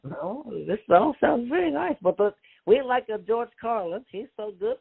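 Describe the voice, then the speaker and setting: A man's voice: very high-pitched, animated, normal speed, vocal fry, breathy edge, exaggerated voice. A man calling in as a brash, foul-mouthed Ukrainian émigré, speaking blunt, broken English in a put-on Ukrainian accent. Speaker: caller. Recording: tinny phone line.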